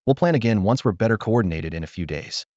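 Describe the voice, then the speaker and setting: A man's voice: fairly low pitch, lively intonation, fast, darkish tone, no room sound, lightly acted. A man voicing a cold, stern young female squad captain who gives curt orders. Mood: commanding. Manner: icy, curt, commanding. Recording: dull lo-fi dry recording.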